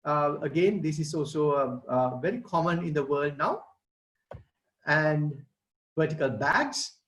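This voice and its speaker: A man speaks in a somewhat high voice. He explains gardening ideas in an online presentation, addressing children and their parents in a plain teaching manner. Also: a little slow, a bit bright, rough recording. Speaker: gardening expert.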